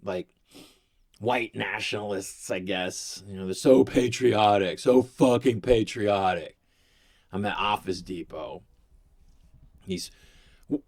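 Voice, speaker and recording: A man's voice: on the low side, slow, pauses often, darkish tone. A man talking in a casual, rambling vlog, sarcastic and profane, with frequent restarts. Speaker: vlogger.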